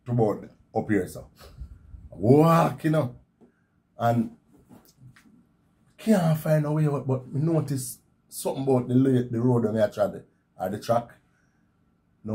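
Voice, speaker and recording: Jamaican man in his fifties, mellow. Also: medium pitch. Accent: Jamaican Patois. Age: 50s. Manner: animated storytelling, repeats words for effect. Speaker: interviewee. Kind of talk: telling his survival story.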